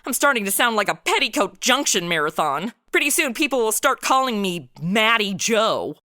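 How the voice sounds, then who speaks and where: Sarcastic young woman, bright lively voice, modern wisecracks, faint music behind. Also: mid-range voice, moderate pace. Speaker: lead character and narrator. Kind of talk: comedy audio drama.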